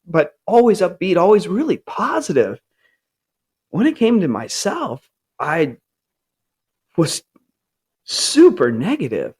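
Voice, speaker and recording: A man in his forties shares a candid personal story in an earnest, open way. His slightly high voice rises and falls in a lively way, and it jumps up higher when he acts out his upbeat self-talk. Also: measured pace.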